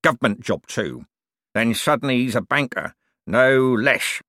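A man voicing a gruff old male crook with false teeth, growling in rough common speech and drawling slowly. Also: medium pitch, expressive, pushed and bright, dry recording, studio quality.

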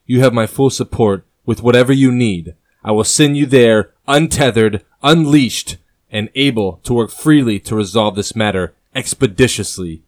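Man as a furious royal in grief, booming commands, dry close recording. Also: a little mellow, no room sound, close to an everyday voice. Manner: booming, rising into anger. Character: grieving, furious male king, commanding.

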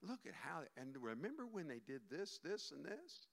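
A man voicing a coaxing male devil who tempts a listener in a low, near-whispered voice. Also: sing-song, moderate pace, gravelly, exaggerated voice.

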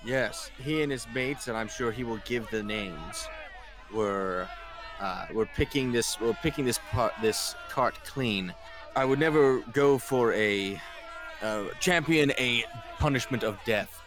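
A man with a lowish voice taking his turn in a tabletop game. He speaks formally as his devout character and stumbles over words when he steps out of it. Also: measured pace. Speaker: player. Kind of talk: playing a pious knight in a tabletop game.

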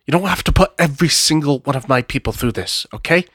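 A man's voice: fairly high pitch, fast talker, fairly bright tone, slightly rough, dry recording. A man plays a scruffy vampire beggar who pleads casually and sounds exasperated. His sentences tumble out in a hurry. The recording is dry and close.

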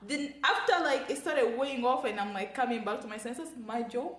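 High-voiced giggly woman, roomy sound. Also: brisk, a bit bright. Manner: giggly, chatty, fillers like "like". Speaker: podcast co-host. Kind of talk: casual storytelling chat.

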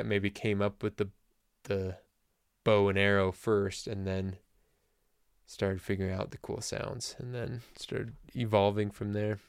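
A man's voice: on the low side, smooth, dry recording, clean studio sound. A man teaching a casual vocabulary lesson to camp members, chatty and self-deprecating with small jokes.

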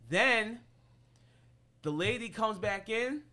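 A young man hosting a podcast, telling a story in casual chat, animated and slangy and swearing freely. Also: high voice, slow pace, background noise. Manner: animated and slangy, swears freely, gets loud when outraged. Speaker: podcast host.

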